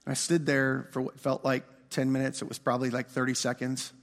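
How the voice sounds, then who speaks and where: A middle-aged man, a pastor, preaching a sermon with animated, self-mocking storytelling that acts out both sides of a conversation. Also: mid-range voice, fairly quick. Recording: long hall reverb.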